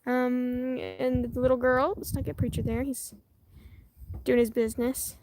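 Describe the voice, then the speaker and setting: A woman with a high voice talks casually outdoors, chatty and quick to laugh. She is recorded on a handheld phone in a rural yard, with some outdoor noise behind her. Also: little pitch movement, darkish tone. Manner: chatty and laughing, cooing at dogs. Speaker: dog breeder filming her dogs. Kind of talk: casual chat, reading viewer comments aloud. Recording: noisy outdoor phone audio.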